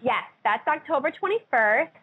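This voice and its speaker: A young woman from Connecticut, a country singer being interviewed on radio, chatting in a giggly, excitable way. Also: high-pitched, normal speed, slightly rough, no room sound, phone-quality sound.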